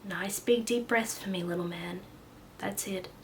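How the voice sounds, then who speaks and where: A calm, patronizing male doctor who murmurs softly, as a woman reading a story puts him on. His voice sits a little low and hushed. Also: measured pace, very noisy, lightly acted. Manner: soft-spoken, murmuring.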